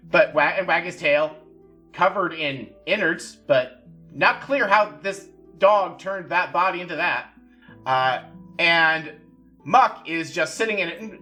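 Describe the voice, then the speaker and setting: A man narrating as game master of a tabletop role-playing game, animated and descriptive, with soft music underneath. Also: fairly high pitch.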